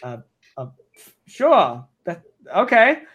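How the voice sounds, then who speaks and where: High-voiced rambling male storyteller. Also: wildly swooping pitch, takes it slowly, fairly bright tone, highs cut off. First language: not English. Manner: rambling, frequent restarts and self-corrections. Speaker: guest storyteller. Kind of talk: casual podcast chat.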